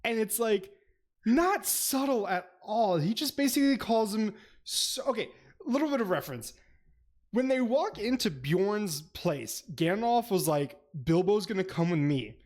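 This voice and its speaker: A man's voice: sits high, measured pace. Laughing, profane man with a raised voice. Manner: laughing, profane, animated retelling. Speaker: podcast co-host. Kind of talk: casual book club chat.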